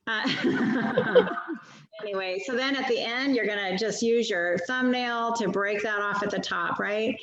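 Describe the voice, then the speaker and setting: A chatty woman walks fellow sellers through a product demo in a casual, self-deprecating way. Her voice comes through a video call that sounds roomy and a little muffled, with the high end dulled. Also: normal speed, a bit bright. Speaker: nail polish stylist training other sellers. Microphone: video call mic.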